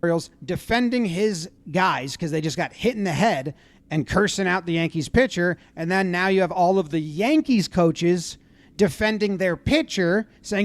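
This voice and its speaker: A high-voiced commentator breaks down video of a baseball brawl in casual play-by-play style, at a moderate pace with no room sound. He's animated, acting out the players' lines in loud voices.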